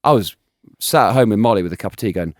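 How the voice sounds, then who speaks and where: A man in his thirties telling animated stories as an interview guest, laughing and restarting often. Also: on the low side, fast, no echo, studio quality. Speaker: guest, former cricketer. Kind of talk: casual storytelling interview.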